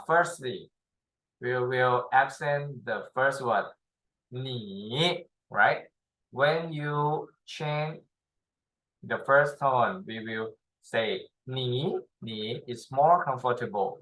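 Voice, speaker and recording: A man teaching a spoken language lesson in halting non-native English, with many pauses and fillers; his first language is Thai. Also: medium pitch, pushed and bright, low-quality recording. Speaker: language tutor.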